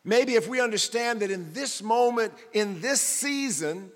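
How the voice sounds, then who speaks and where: A man preaching a sermon with a high, bright, forceful voice. He talks emphatically and builds toward shouting. Long reverb trails through the hall. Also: animated, a little slow.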